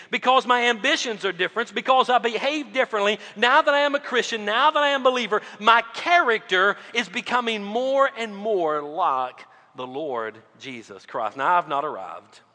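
A male pastor preaching a sermon, swinging between loud emphatic lines and quiet low drops. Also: big-room sound.

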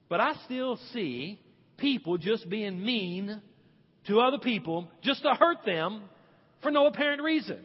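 A man preaching a sermon as pastor, animated and emphatic, slowing down to stress key words. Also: sits high, husky. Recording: dull sound, long hall reverb.

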